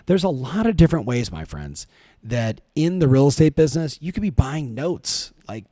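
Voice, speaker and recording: Middle-aged male podcast host, warm and dry, energetic motivational coach. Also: medium pitch, no echo. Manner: energetic, coaching, asks rhetorical questions.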